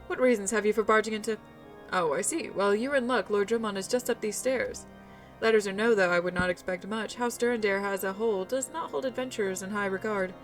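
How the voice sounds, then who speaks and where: A woman's voice: medium pitch, brisk, natural voice, rough recording. A woman reading the lines of a stern, formal male knight in a game, with faint music behind. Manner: formal, old-fashioned phrasing.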